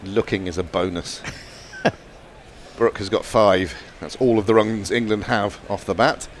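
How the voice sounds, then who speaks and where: Middle-aged male cricket commentator, deep-ish voice, dry wry delivery, faint background noise. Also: fairly even intonation. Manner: dry, wry play-by-play with quick asides.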